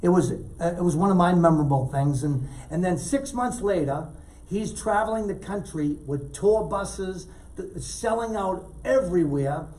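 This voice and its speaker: A man telling animated stories as a guest in a casual talk show chat, acting out the people he quotes. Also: high voice, normal speed, recorded from a distance, low-quality recording. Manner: animated storyteller, acts out quotes loudly. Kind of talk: storytelling chat.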